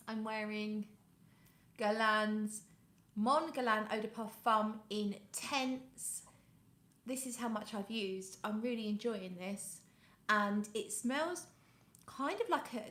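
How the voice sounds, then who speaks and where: A woman's voice: a little high, roomy sound. Chatty British woman hosting a live stream. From United Kingdom. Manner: chatty, reads out viewer comments and greets them by name; coos softly when talking to her cat. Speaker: fragrance livestream host. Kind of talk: casual live-stream chat. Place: home room.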